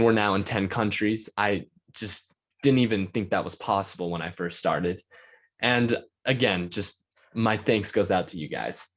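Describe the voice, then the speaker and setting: A man hosting his own podcast alone, talking eagerly in a rambling way with lots of filler words. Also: lowish voice. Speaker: podcast host. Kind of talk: solo podcast monologue.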